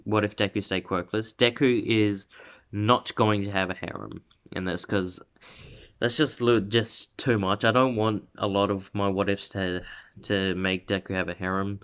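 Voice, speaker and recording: A man narrating a homemade fan story off the cuff, rambling and restarting often. His voice sits low and he talks slowly. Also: steady tone, fairly bright tone, clean tone. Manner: rambling, full of restarts and fillers. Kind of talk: casual unscripted story narration.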